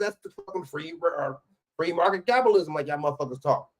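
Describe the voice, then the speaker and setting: A man's voice: fairly high pitch, expressive, quick pace. A man hosting a livestream, reacting to clips with casual, profane, heated ranting and lots of fillers and restarts. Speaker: livestream host.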